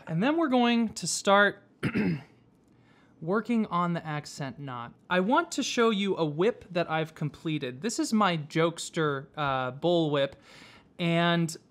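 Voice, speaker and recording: A man teaching whipmaking, explaining each step patiently with frequent pauses and fillers. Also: on the high side, animated, fairly bright tone. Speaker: whipmaking instructor. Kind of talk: hands-on craft tutorial. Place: workshop.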